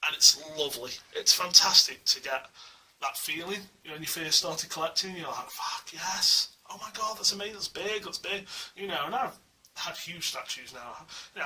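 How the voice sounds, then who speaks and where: A man with a sharp-toned, medium-pitched voice chats about a collectible statue at home. The review is casual, rambling and enthusiastic, packed with fillers. Faint hiss comes through because the small camera mic is distant.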